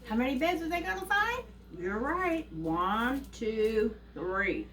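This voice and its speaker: A woman telling a fairy tale to young children, animated and asking them questions along the way. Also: on the high side, slow. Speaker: children's storyteller. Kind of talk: reading a story to young children. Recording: distant mic with faint ambience.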